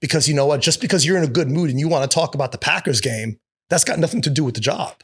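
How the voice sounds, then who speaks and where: Male actor-producer guest, somewhat high voice, animated and profane storyteller. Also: fast, slightly rough. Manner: animated, profane, acts out quotes. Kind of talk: casual interview storytelling. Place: studio with city view.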